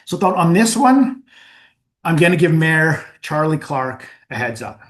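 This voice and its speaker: A man giving a lively, anecdotal talk as a forum founder, laughing at his own stories and clearing his throat often. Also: a little high, measured pace. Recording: echoey room.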